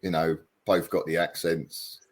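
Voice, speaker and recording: A middle-aged man from England, a former footballer chatting in an interview, hesitant and self-deprecating with many pauses and ums. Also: low-pitched, level tone. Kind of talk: casual interview chat.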